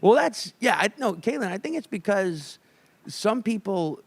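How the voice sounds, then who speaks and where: A man in his thirties co-hosting a comedy podcast, telling stories in an animated way and swearing freely. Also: high-pitched, unhurried, husky. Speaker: podcast co-host. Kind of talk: casual comedic chat.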